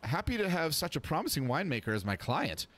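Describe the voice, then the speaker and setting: A man's voice: fairly high pitch, very animated, quick pace, fairly bright tone, voice pushed up. A man voicing a welcoming woman who owns a farmhouse restaurant, speaking like a hostess greeting guests. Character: warm middle-aged woman farmhouse owner.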